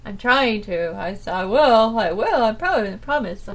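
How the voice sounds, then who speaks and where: Woman, show host, casual rambling monologue, halting and subdued, slightly high pitch. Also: expressive. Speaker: internet radio show host.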